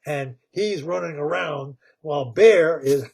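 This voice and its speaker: Husky man retelling a cartoon story slowly. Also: a little high. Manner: rambling, animated, laughs at his own tale.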